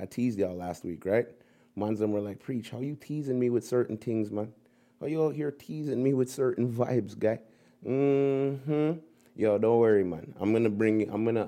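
A man's voice: on the low side, warm tone. Slangy, laid-back male radio host. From Montreal. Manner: slangy and laid-back, repeats phrases, slips into Caribbean-style patois. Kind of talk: casual radio chat with shout-outs. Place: radio studio.

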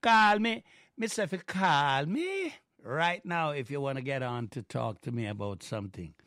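A man's voice: mid-range voice, moderate pace, no echo. Guy hosting community radio, playful and chatty, dry studio sound. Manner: lively, teasing, drops into Jamaican phrasing. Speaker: radio show host. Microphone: studio mic.

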